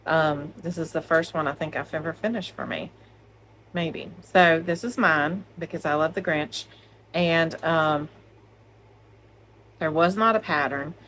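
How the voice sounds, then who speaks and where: A woman's voice: sits low, a little slow, long pauses, fairly bright tone, slight background noise. A woman co-hosting a crochet vlog at home, chatting casually and joking, filmed on a phone. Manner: chatty, laughing, jokey. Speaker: crochet channel co-host. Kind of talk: casual chat. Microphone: phone camera.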